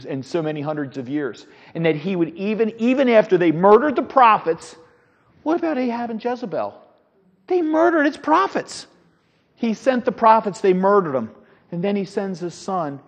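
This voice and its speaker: Bible teacher, man, high-voiced, emphatic; lo-fi, echo-heavy church recording. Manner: emphatic, repeats words while finding phrasing. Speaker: Sunday school teacher. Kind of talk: Bible lesson. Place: church classroom. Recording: dull, reverberant hall recording.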